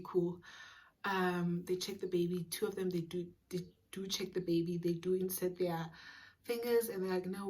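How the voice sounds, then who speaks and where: A young South African woman vlogger telling a personal story in a casual, animated way, acting out dialogue and dropping to whispers at times. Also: fairly low pitch. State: pregnant.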